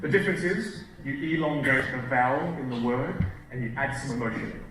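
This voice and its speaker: A man coaching a live seminar audience from a stage, animated, shifting his volume and pace for emphasis. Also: fairly high pitch, quick pace, few pauses. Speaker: communication coach. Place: stage in a large hall. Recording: very echoey hall, distant mic, faint hiss.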